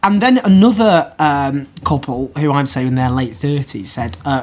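A man from Manchester with a Mancunian accent, telling campaign stories quickly and animatedly in a casual political chat. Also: medium pitch, slight background noise. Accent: Mancunian English. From Manchester, England. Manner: rapid, animated storytelling with restarts and quoted voices.

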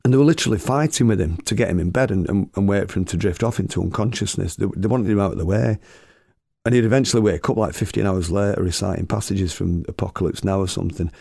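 A man with a gravelly voice telling a comic story, swearing and chuckling as he goes. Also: low-pitched, fast talker, warm tone, no room sound, studio quality. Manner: swearing, chuckling anecdotal delivery.

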